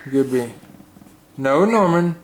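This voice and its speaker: A man keeping pet birds, cooing at them in soft baby talk and often dropping to a hush in a casual vlog. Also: a little high, lively intonation, slow. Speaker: pet bird keeper.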